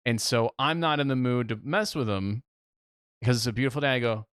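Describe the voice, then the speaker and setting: Animated young man telling a story. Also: quick pace, clear, resonant tone, no echo, clean studio sound. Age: young adult. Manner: animated storyteller, acts out quotes with big pitch jumps. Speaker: podcast co-host. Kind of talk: casual chat.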